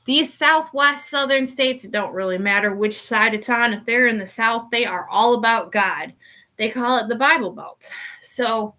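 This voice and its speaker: A woman's voice: on the high side, normal speed, pushed and bright. A woman hosting a podcast in a casual, rambling chat that keeps wandering off on side remarks. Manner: rambling, chatty, sidetracked. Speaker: podcast host.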